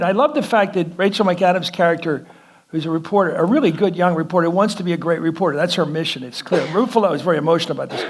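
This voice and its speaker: A man, an actor, talking onstage in an animated, opinionated way with quick asides. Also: high-pitched. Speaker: actor in conversation with a director. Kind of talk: onstage conversation before an audience.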